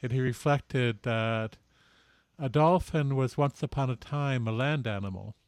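A man speaking as a guest in slow, contemplative reflection, recovering from surgery. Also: mid-range voice, smooth, no echo. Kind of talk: reflective spiritual talk.

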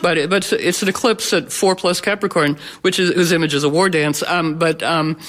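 A man giving an informal astrology talk to a live audience, rambling and playful, with many fillers, restarts and sudden animated voices. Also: on the high side, a little fast.

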